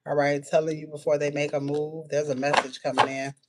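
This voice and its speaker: Woman, spiritual reader, flat delivery, clear noise and keyboard clicks behind her. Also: sits low. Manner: rapid-fire blunt messages, frequent "all right" and cursing. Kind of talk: casual intuitive reading to viewers.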